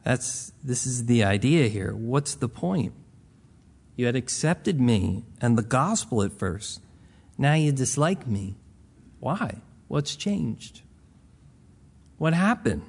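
A man's voice: mid-range voice, sing-song, slow, creaky, pauses often, slightly rough. A man preaching a Bible teaching in a casual, conversational way, retelling scripture stories in plain modern words.

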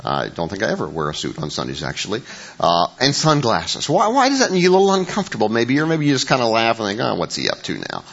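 A man's voice: mid-range voice, huge pitch swings, fast, vocal fry, fairly bright tone. An older man preaching a conversational sermon in a church. He rambles through stories with many restarts and self-corrections, with wry, self-mocking humor. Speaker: pastor. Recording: dull lo-fi recording.

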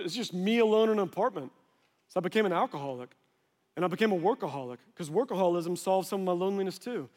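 A high-pitched male pastor in his forties tells stories from the pulpit and slips into the voices of the people in them. The sermon carries a long reverb, as if from a large sanctuary. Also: darkish tone. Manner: storytelling, conversational, acts out dialogue.

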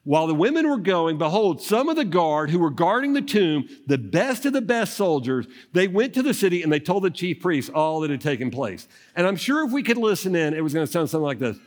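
Animated male preacher, lively pitch. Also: brisk, hardly any pauses. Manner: animated storytelling, acting out Bible scenes. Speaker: pastor. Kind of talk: Easter sermon.

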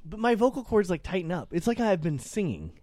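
A man co-hosting a casual comedy show, laughing often and pushing his voice into a deliberately high, energetic register. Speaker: co-host.

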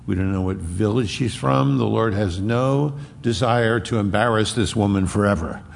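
A man's voice: lowish voice, moderate pace, gravelly, in a large hall, a little hiss or hum. A man preaching a sermon as a pastor, with emphatic repetition.

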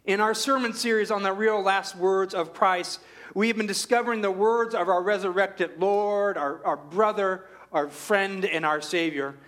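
A man's voice: high voice, fairly even intonation, moderate pace, fairly bright tone. A man preaching a sermon in an earnest manner, repeating rhetorical questions with shifting emphasis.

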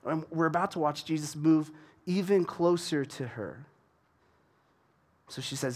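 A man teaching from the Bible in a relaxed, conversational way. He retells the passage in plain, everyday words with animated energy. His voice sits fairly high. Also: normal speed.

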